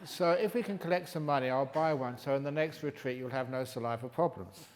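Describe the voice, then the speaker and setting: An older man from England leading a retreat Q&A, teaching in a humorous, teasing way that turns gentle and reflective. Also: medium pitch, a little fast, slight background noise. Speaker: meditation teacher answering questions. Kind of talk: retreat Q&A talk. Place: retreat hall.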